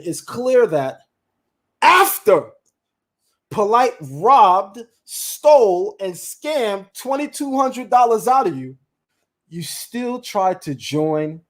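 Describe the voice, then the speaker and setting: High-voiced man hosting a casual livestream. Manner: animated, talks straight to chat and viewers, repeats lines for emphasis. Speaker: livestream host.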